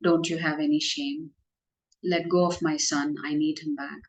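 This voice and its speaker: A woman's voice: deep voice, sing-song, moderate pace, rough recording. A woman voicing a fretful mother who scolds the cowherd girls for keeping her son out late. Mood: scolding. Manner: stern scolding.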